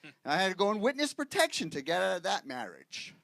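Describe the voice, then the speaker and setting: A man's voice: sits high, sing-song, quick pace, vocal fry, a bit bright, no room sound. A man from Boston doing a stand-up comedy set, punchy and wisecracking, checking in with the crowd. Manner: wisecracking, punchy delivery with frequent "okay, guys?" asides. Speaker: stand-up comic guest. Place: live comedy show with audience.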